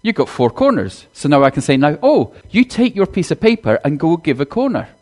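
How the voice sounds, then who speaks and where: Animated man giving a sermon. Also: on the high side, brisk. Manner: chatty, animated, addresses congregation directly. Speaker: minister. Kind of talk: sermon with children's talk. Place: church.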